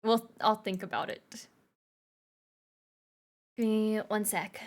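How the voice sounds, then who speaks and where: A woman's voice: medium pitch, fairly even intonation, takes it slowly. A young woman streamer chatting casually with viewers and reading their messages aloud, playful and laughing often. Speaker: livestreamer.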